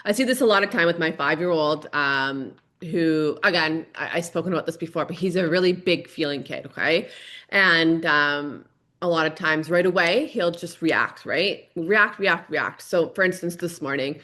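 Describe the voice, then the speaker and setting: A woman's voice: low-pitched, moderate pace, sharp tone. A woman hosting a parenting podcast solo, earnest and repetitive, often checking in with "right?". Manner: earnest, repeats key points, frequent "right?".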